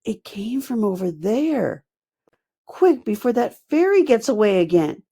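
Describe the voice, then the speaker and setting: A woman voicing loud, angry male goblins who shout roughly. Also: fairly high pitch, very animated, unhurried, voice pushed up, heavily acted.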